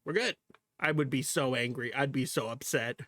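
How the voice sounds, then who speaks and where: A male streamer chats casually with viewers as he reacts to a video, laughing a lot, swearing freely and exclaiming at what's on screen. His medium-pitched voice is pushed and bright at a normal speed, and the recording is dry.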